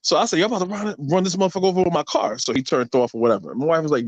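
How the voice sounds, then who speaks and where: Lively New man on lo-fi audio. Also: a little high, rapid-fire, no room sound. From New York. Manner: animated, profane, acts out quoted voices. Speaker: discussion participant. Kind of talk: casual group chat storytelling.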